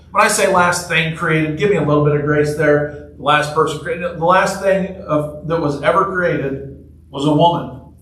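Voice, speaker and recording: Chatty pastor in an echoey church. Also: male voice, fairly high pitch, fairly bright tone, a little hiss or hum. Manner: chatty, jokey, asks the congregation questions. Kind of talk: casual storytelling sermon. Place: church sanctuary. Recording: echoey room, voice from far off.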